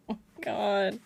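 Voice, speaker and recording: A woman streamer chatting casually with her viewers while playing, excitable and giggly. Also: medium pitch, creaky, noisy background. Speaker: game streamer. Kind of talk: casual live-stream chat.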